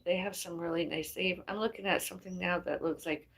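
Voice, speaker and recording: Gravelly, husky-voiced woman musing aloud. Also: lowish voice, steady tone, a little fast, a bit bright. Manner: rambling, musing aloud, trailing off. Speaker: livestreamer. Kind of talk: casual livestream chat.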